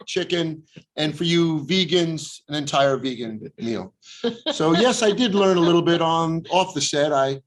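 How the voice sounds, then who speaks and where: A man with a somewhat high speaking voice, trading deadpan jokes on a press panel. He keeps a mock-serious tone, as though every tall tale is plain fact. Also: measured pace. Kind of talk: panel Q&A answer.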